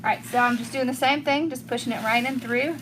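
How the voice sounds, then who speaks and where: A woman's voice: sits high, fairly even intonation, fast, noisy background. A middle-aged woman with a Southern accent from rural Georgia, chatting with viewers as she demonstrates a craft, laughing often and thanking people by name. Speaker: craft tutorial host.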